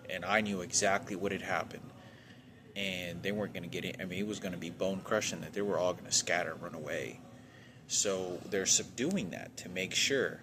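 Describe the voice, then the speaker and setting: A man's voice: low voice, normal speed, background noise. A man from Texas venting in a rambling, agitated monologue with heavy swearing, trailing off often.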